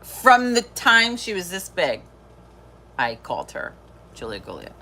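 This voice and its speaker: A woman's voice: mid-range voice, huge pitch swings, a little slow, pushed and bright, a little hiss or hum. A middle-aged woman hosting a live stream, chatting casually, swearing freely and laughing often. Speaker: livestream host.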